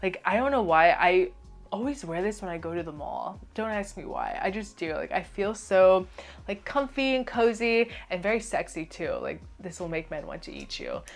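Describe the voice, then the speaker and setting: A woman's voice: on the low side, very animated, moderate pace, gravelly, soft background music. A young woman gushing over perfumes in a casual review vlog, peppering her talk with "like". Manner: gushing, enthusiastic, filler-heavy with frequent "like".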